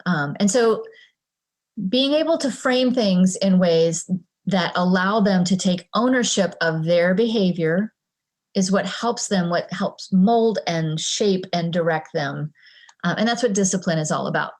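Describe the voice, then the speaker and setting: A woman's voice: on the low side, a little slow. A woman presenting a parenting talk in a conversational way, acting out exchanges between parent and child.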